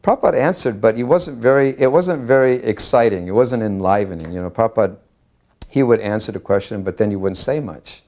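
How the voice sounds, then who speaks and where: A man earnestly recalling a personal memory, halting often with fillers and restarts. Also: on the low side, darkish tone. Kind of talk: recorded personal reminiscence.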